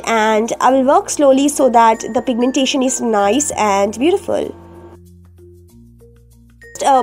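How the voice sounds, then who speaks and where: Groggy high-voiced woman narrating makeup. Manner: step-by-step explaining with frequent fillers. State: groggy voice from a cold. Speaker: beauty vlogger. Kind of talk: makeup tutorial voice-over.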